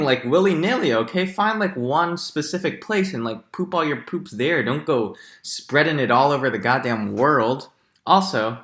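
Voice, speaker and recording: A young man in his twenties ranting comically through a ranked list, animated and jokey, often jumping into squeaky high exclamations. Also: normal speed. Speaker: comedic vlogger. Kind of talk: comedic ranking rant. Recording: echoey room.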